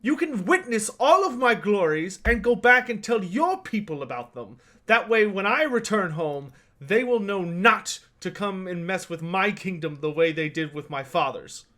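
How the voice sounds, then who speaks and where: Man voicing a cocky boy knight, high voice, haughty and bossy. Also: expressive, moderate pace, hardly any pauses, bright, forceful tone. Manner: haughty, commanding. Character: arrogant teenage male human knight, boastful.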